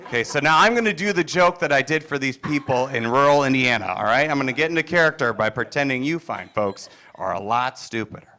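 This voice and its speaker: A middle-aged man from Wisconsin doing a stand-up set, telling stories with deadpan delivery and quiet asides. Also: mid-range voice, fast, few pauses. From Wisconsin, USA. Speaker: stand-up comedian. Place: comedy stage.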